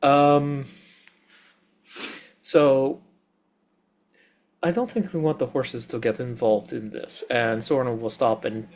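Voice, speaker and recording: A man plays a tabletop game, working out his moves aloud in a hesitant way. He fills the gaps with ums and restarts. His voice sits at an ordinary middle pitch. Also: steady tone, slow, pauses often. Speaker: player.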